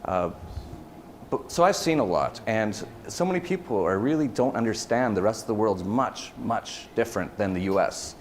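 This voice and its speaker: A man's voice: lowish voice, normal speed, slight background noise. A man giving a casual conference talk, telling anecdotes with lots of fillers and restarts, and laughing as he goes. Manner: animated storytelling with many fillers and restarts. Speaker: conference speaker. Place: event hall.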